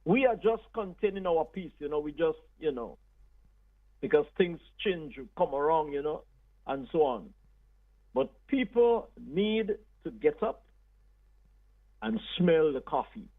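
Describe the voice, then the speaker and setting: A pastor phones in, his fairly high voice squeezed through a thin phone line. He speaks emphatically, with folksy sayings. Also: animated, unhurried, pauses often. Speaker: pastor calling in. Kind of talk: phone-in chat.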